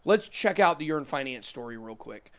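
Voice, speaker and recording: With a voice on the high side and a bit bright, this man speaks at normal speed with lively intonation. He's in his thirties, casually chatting through live crypto price charts on his show, cracking self-deprecating jokes along the way.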